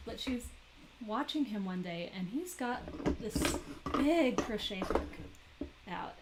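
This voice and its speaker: A woman's voice: mid-range voice, background noise. A woman chatting in a rambling, giggly way during a crafting live stream. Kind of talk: casual chat while weaving.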